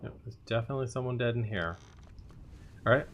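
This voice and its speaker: A man's voice: medium pitch, fast, lo-fi sound, a little hiss or hum. A man streaming a video game, thinking aloud and musing in casual commentary.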